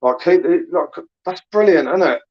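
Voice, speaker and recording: A man's voice: on the high side, animated, moderate pace, no echo. Crude laddish man, lo-fi stream. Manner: crude, laddish banter with viewers. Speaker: livestream host reading chat. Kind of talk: late-night live chat.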